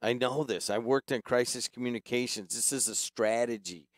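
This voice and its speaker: A man's voice: mid-range voice, moderate pace, no echo, clean studio sound. A man hosting a talk radio show, speaking in a jokey, conversational way. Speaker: radio host.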